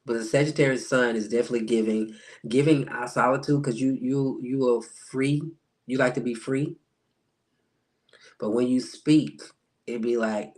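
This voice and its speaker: A chatty man in a casual live-stream astrology talk. He answers viewers by name and acts out the reactions he quotes. His voice sits at an ordinary middle pitch. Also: moderate pace. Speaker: spiritual life coach.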